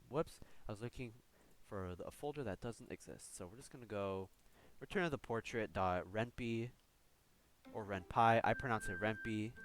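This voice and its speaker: A man casually commenting on a game he is playing, rambling, joking at his own expense and swearing now and then. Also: fairly low pitch. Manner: rambling, self-mocking, swears. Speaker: let's-play host. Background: game music.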